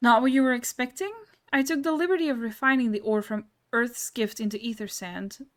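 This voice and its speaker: A woman's voice: on the high side, brisk, lightly acted. A woman reading a smug, mysterious voice. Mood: grandiose. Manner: archaic, formal and mock-gracious diction. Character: mysterious taunting male voice, theatrical, smug. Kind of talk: reading game dialogue aloud.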